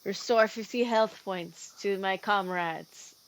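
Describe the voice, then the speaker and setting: A woman's voice: medium pitch, takes it slowly, clear, resonant tone, poor audio. A woman playing a tabletop game, talking casually and giggling often. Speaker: player.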